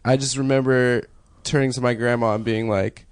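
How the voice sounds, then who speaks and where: A man from South Africa telling a childhood anecdote in a hesitant, halting way on a comedy podcast. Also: mid-range voice, smooth. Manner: hesitant, halting, with filler words. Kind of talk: casual comedic storytelling.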